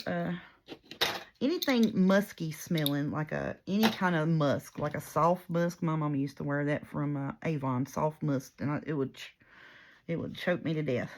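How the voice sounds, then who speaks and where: A woman's voice: low-pitched, creaky, a little hiss or hum. A woman chatting casually while crafting, rambling and poking fun at herself. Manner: chatty, rambling, self-mocking storyteller. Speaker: paper crafter and YouTuber.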